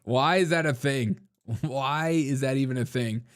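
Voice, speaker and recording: Male host, casual live commentary, mocking, laughs a lot, mid-pitched voice. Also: unhurried, clean tone. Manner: mocking, laughs often, calls people dude.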